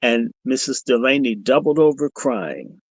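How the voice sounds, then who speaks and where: Telling a story in a livestream monologue, a middle-aged podcast host is animated, confrontational, crude and provocative. His voice is mid-range and husky, his pace measured, in a dry recording of poor quality.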